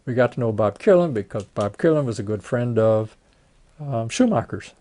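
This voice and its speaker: A man's voice: medium pitch, animated, moderate pace, dark tone. Older man telling folksy stories. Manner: folksy storytelling, acts out quoted voices. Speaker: retired plastic surgeon. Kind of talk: oral history interview.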